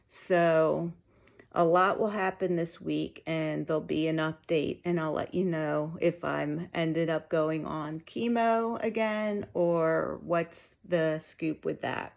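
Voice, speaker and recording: Slow, gravelly woman, mildly winded. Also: lowish voice. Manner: slow, candid, with frequent ums. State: mildly out of breath and tired. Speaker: vlogger sharing a health update. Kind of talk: casual personal update to viewers.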